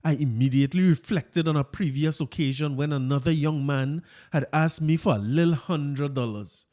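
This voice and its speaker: A man's voice: on the high side, moderate pace, warm tone, close to an everyday voice. A man reading aloud as a stiff, formal male government minister, in wordy, stilted officialese.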